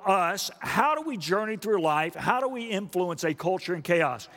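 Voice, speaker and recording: A man preaching a sermon emphatically, asking the congregation questions and building up to loud repeated stresses. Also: high voice, lively intonation, moderate pace, hardly any pauses. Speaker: pastor. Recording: long reverb of a large hall.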